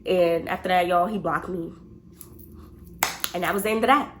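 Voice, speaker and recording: A young woman vlogger telling a storytime, chatty and animated, talking straight to her viewers. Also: fairly low pitch, normal speed, background noise. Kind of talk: storytime vlog.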